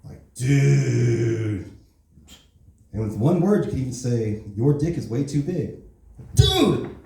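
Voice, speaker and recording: A man working an open mic stand-up set, casual and profane, tagging his jokes with "right?" and "you know?". His voice is dark and mellow, and his pitch moves in lively swings. He is heard from a little distance in a boomy, echoing club room with faint noise behind him. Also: brisk. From Korean heritage. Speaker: stand-up comedian.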